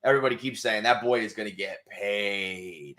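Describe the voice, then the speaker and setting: A man co-hosting a sports podcast, animated and swearing freely. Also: on the low side, moderate pace. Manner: animated, swears freely, voices quotes loudly. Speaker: podcast co-host. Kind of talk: casual sports chat.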